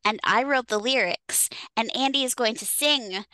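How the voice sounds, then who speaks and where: A woman hosting a podcast, chatting casually and giggling between halting sentences full of fillers. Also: a little high, sharp tone, no echo, poor audio. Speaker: podcast host and author. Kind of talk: casual chat.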